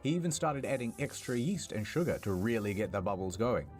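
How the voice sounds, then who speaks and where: A man's voice: medium pitch, very animated, brisk, a little mellow, soft background music. A man narrating a history comedy video in a playful, mock-dramatic way.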